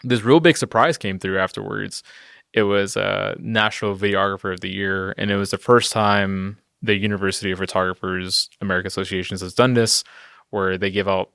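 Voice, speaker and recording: A man in his twenties, a videographer, telling stories in a casual interview, chatty and self-deprecating, breaking into high laughs. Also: steady tone, a little fast, creaky, fairly bright tone, clear, resonant tone, no echo, studio quality. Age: 20s. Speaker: guest videographer.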